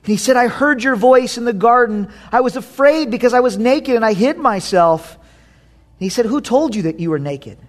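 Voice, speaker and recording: A man's voice: very high-pitched, lively intonation, normal speed. A man pastor preaching a sermon, reading scripture and joking, with sudden dramatic swings in his delivery.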